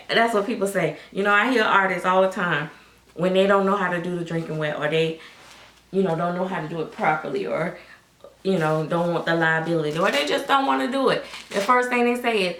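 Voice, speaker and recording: Woman vlogger keeping it real w her viewers, low gravelly voice, echoey room. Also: a bit bright. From Florida. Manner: frank, preachy, Southern Black vernacular. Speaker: doll collector vlogger. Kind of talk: casual straight-talking monologue to viewers. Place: home doll nursery room.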